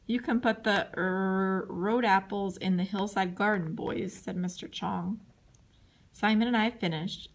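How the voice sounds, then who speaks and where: A woman reading a chapter book aloud, in scripted narration, giving the dialogue lively voices and jumping high for the shouts. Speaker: audiobook reader.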